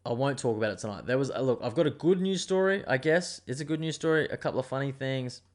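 A man's voice: medium pitch, animated, fast, a little mellow. A young man, hosting a casual monologue show. He rambles and digresses and swears freely. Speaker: podcast host.

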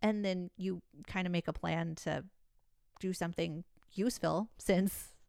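A woman's voice: lowish voice, steady tone, measured pace, gravelly, a little mellow, no room sound, clean studio sound. A woman in casual podcast chat, walking through self-help techniques and laughing easily. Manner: explains coping techniques with easy laughter.

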